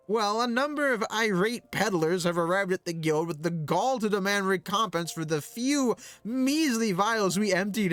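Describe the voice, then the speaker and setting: A pompous, scheming guildmaster mage read aloud by a man, full of grand, old-fashioned phrasing. The voice sits high, with faint background music. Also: fairly bright tone. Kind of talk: reading game quest dialogue aloud.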